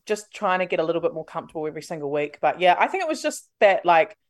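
A young woman, chatting casually as a podcast guest, chatty and quick to laugh, with lots of fillers. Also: fairly low pitch, sing-song. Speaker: radio host, podcast guest. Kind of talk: casual chat.

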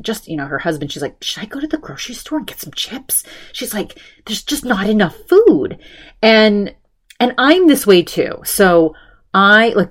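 Middle-aged woman podcast host, lower voice, rambling and animated, acts out the voices of people she quotes. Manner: chatty, animated quoting voices, many fillers. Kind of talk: casual storytelling chat.

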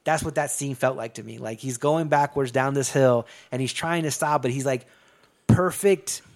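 A man's voice: mid-range voice, moderate pace. Man retelling a movie, rambling and profane. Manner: rambling, profane storytelling with many restarts. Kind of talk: casual movie recap chat.

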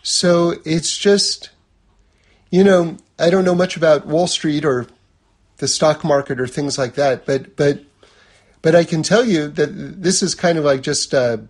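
A man's voice: on the high side, unhurried. A man teaching a lesson on a religious text, talking conversationally and using everyday examples.

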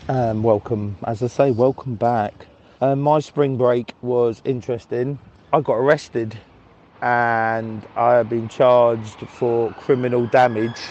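A man's voice: mid-range voice, darkish tone, highs cut off, slight background noise. A man recording a chatty, sweary voice note outdoors while walking his dog. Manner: chatty, laughing at his own story, sweary. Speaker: listener sending a voice note. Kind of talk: casual voice note.

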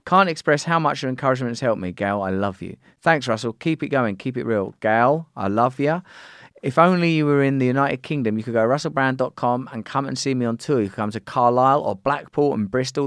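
A man's voice: medium pitch, no room sound, clean studio sound. A man hosting a podcast, reading out listener comments in a playful, teasing, theatrical way. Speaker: podcast host.

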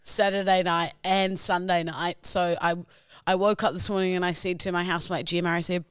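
A young woman, her voice raspy and hoarse after a tiring weekend, telling a bubbly, giggly story as a podcast co-host. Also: lowish voice, steady tone, brisk, no echo, studio quality. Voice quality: raspy, partly lost voice. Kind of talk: casual chat.

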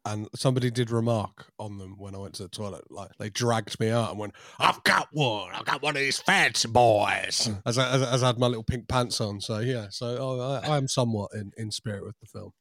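A man co-hosting a podcast, animated and playful, laughing often as he teases. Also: fairly low pitch, quick pace, hardly any pauses, dry recording, clean studio sound. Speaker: podcast co-host. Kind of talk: casual podcast chat.

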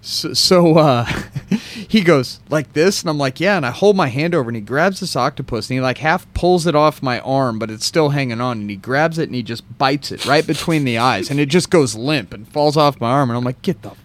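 A man on a relaxed podcast who tells a story with energy, dropping into little voices for the people he quotes. His voice sits at a middle pitch for a man. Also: normal speed. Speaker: podcast co-host. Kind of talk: casual storytelling.

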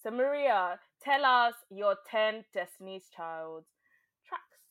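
A woman hosting a casual podcast chat, excitable and quick to laugh. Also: medium pitch, clean tone. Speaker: podcast host.

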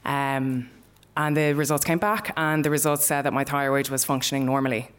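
A woman's voice: a bass voice, fairly even intonation, normal speed, clean tone. A young Irish woman telling a personal story live, in a candid, conversational way with plenty of swearing.

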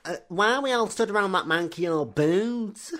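A man's voice: high-pitched, lively intonation, normal speed, a bit bright, pitched above the performer's own voice. A man putting on a whiny teenage schoolboy wizard, voice raised and complaining.

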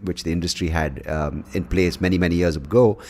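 A man's voice: low voice, brisk. A man hosting his own podcast in a rambling, casual monologue, swearing freely and restarting his sentences often. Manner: rambling, profane, animated, many restarts. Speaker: podcast host.

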